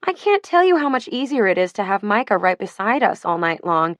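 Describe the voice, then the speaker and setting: A woman's voice: mid-range voice, very animated, brisk, no room sound, close to an everyday voice. A woman voicing a blunt, practical working mother in an audiobook, frank and matter-of-fact.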